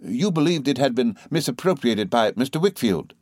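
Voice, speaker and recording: A man reading aloud as an earnest young lawyer, speaking briskly and brightly. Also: mid-range voice, animated, no echo, clean studio sound, lightly acted.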